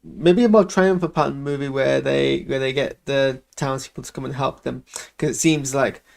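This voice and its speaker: A man's voice: mid-range voice, fairly even intonation, normal speed, gravelly. A man hosting a casual live reaction to a film trailer, rambling and hesitant with self-deprecating asides.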